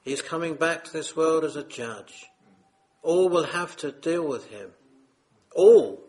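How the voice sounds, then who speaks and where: A man's voice: fairly high pitch, a little slow. A man preaching a sermon, earnest and solemn, pleading with his listeners.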